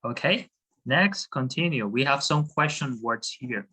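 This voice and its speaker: A man's voice: mid-range voice, lively intonation, measured pace, bright, forceful tone, slightly rough, poor audio. A man teaching a class over a video call, hesitant, with many fillers and restarts. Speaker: Spanish teacher.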